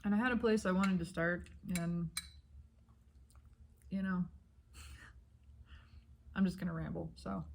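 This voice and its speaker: Husky-voiced woman rambling reflectively. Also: lowish voice, a little slow, long pauses. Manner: talks with her mouth full while eating breakfast; meandering, thoughtful, casual swearing. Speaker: spiritual vlogger.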